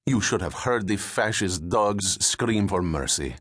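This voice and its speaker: A man voicing a boastful, brutal male Russian soldier in a gruff, swaggering way for an audiobook. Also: on the low side, expressive, measured pace, heavily acted. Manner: gruff, boastful, shouting slogans.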